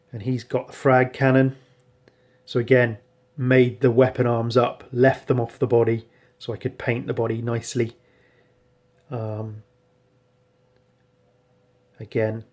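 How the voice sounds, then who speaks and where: A man talks through his hobby work in a relaxed, rambling way, stopping often to correct himself. His voice sits at an ordinary middle pitch. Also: normal speed, pauses often. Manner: relaxed, rambling, frequent ums and self-corrections. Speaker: hobbyist showing painted miniatures. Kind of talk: casual show-and-tell narration.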